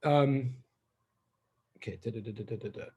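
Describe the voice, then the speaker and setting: A man's voice: medium pitch, moderate pace, slightly rough, narrow, tinny audio. A man in his fifties, a physics teacher, chatting casually and rambling with his class as students join. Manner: rambling, chatty, self-deprecating.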